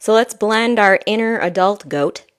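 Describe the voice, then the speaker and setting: A woman who is an intuitive healer, giving a soft, rambling spiritual reading with frequent laughs. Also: mid-range voice, a little slow, smooth. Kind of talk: casual spiritual guidance talk.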